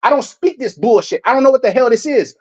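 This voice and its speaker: A man's voice: very high-pitched, expressive, fast, a little mellow, husky, highs cut off. A man preaching fiercely over video clips, swearing freely and often stumbling over repeated words. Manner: heated, profane, repeats and restarts words. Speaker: street preacher.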